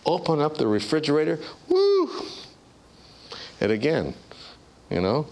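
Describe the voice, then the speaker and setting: A brisk, creaky male voice delivers a sermon full of stories. He animates them by acting out the people's voices, swinging widely in pitch.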